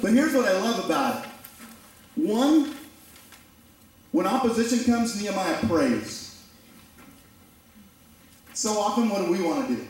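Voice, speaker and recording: A man preaches with a fairly high voice, talking with his congregation in a relaxed way and acting out the voices he quotes. The room echoes heavily, and the mic sits some way off. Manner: conversational preaching with dramatized quotes. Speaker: pastor. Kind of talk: sermon. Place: church sanctuary. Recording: very echoey church from a distant mic.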